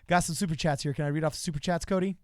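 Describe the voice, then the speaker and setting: A man hosting a livestream in a casual, joking way, reading out viewer messages and reacting loudly to them. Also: a little high, steady tone, very fast, no echo, clean studio sound. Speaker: livestream host.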